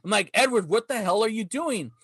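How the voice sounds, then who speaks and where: A man's voice: high-pitched, animated, fairly quick, a bit bright, husky, no room sound, studio quality. A man hosting a podcast, telling stories in casual chat, laughing often and swearing freely. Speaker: podcast host.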